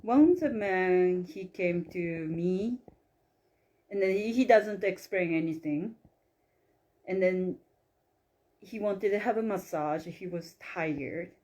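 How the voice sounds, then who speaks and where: A woman with telling a story in casual chat, animated and acting out quoted dialogue. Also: on the low side, slow pace, long pauses. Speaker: guest, psychic massage healer.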